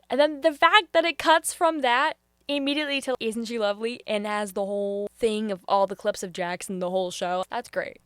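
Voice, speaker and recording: A woman casually reviews a show out loud, earnest and openly emotional, with sudden excited jumps, soft near-whispers and hesitant restarts. Her voice is a little high, a little fast and smooth, with no echo.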